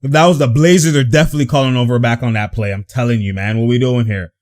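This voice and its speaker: A young man giving casual, animated commentary while reacting to a basketball game, slangy and laughing often. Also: medium pitch, fast talker. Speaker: sports commentator.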